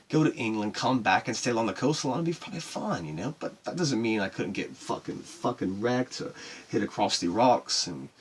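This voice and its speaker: Male actor doing a foul-mouthed sailor spinning a sea tale, raspy voice that swings up and down, rambling and emotional. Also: mid-range voice. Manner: profane, rambling and emotional storytelling. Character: rough-talking male sailor recounting a solo voyage. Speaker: actor performing a monologue. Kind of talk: dramatic monologue.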